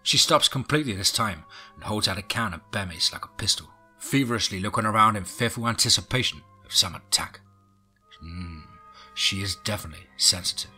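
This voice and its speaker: Husky guy reading a horror audiobook, low-ish voice, brooding, whispery bits. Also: brisk, pushed and bright, soft background music. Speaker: audiobook narrator.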